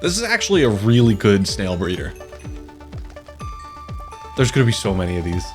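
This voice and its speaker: A man's voice: fairly low pitch, very animated, moderate pace. A young man commenting on his live game stream in a playful, joking, mock-dramatic way. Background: faint game music.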